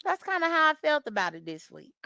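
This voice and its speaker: She's a fast talker with a high, very animated voice that comes across pushed and bright, with no echo. Getting ready in the morning, the vlogger casually fills her viewers in on livestream drama, laughing a lot and speaking to commenters by name.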